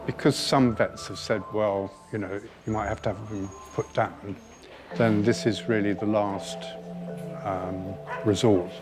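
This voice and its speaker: Male owner interviewee, lowish voice, hesitant delivery, music bed. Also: fairly even intonation, measured pace. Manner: hesitant, with fillers. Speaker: dog owner. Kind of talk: documentary interview.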